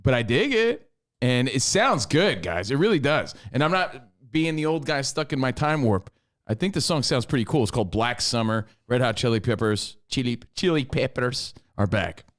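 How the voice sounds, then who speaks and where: A man co-hosting a radio show, telling stories in casual, excitable banter. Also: mid-range voice, moderate pace. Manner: animated, excitable storytelling.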